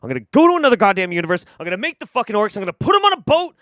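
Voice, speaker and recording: A man's voice: high-pitched, sing-song, a bit bright, no echo, studio quality, pitched above the performer's own voice. A man voicing the god Zeus as a petty, vengeful male deity who rants and swears in a rush. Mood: furious. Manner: ranting, swearing, rushed.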